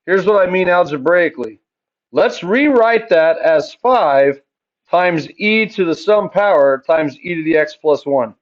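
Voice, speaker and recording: A man's voice: a little high, expressive, measured pace, highs cut off. A man teaching a math class, chatty and joking, asking his students questions and answering them himself.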